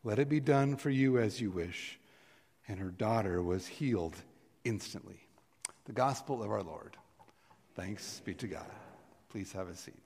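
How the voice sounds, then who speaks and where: A man's voice: on the low side, animated, unhurried, pauses often, darkish tone, slight background noise. A middle-aged man, a pastor, reading scripture and preaching a sermon in an earnest way, swelling with emphasis on key words. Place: church sanctuary. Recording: long reverb of a church sanctuary.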